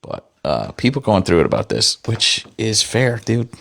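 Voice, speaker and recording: Deep-voiced sarcastic man on a livestream. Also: wildly swooping pitch, normal speed, creaky, fairly bright tone, a little hiss or hum. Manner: sarcastic, profane banter with viewers. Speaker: livestream host. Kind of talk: casual livestream chat.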